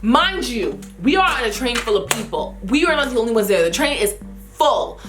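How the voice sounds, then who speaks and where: A woman's voice: on the high side, normal speed. Slangy young woman telling a story in an echoey room. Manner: animated, slangy storytelling with acted-out reactions. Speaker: beauty vlogger. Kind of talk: casual storytelling vlog. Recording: roomy echo with faint music.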